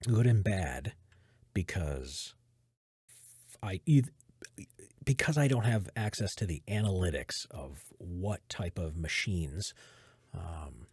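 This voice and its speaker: A low, slightly rough voice speaks slowly with long pauses in a dry recording. It belongs to an American voiceover artist casually explaining the audio setup in his home recording room into a studio mic, rambling and self-correcting in a relaxed behind-the-scenes way.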